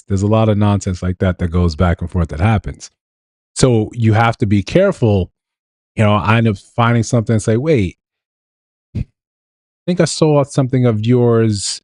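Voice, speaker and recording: In clean studio sound with no reverb, a man hosts a live show reacting to viral clips. His voice is lowish and a little mellow, and he keeps things relaxed with chuckles and rhetorical questions.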